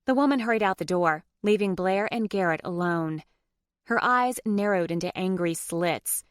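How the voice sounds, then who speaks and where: A woman narrating a romance audiobook in an even, measured storytelling manner. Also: fairly low pitch, no echo, clean studio sound. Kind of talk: scripted narration.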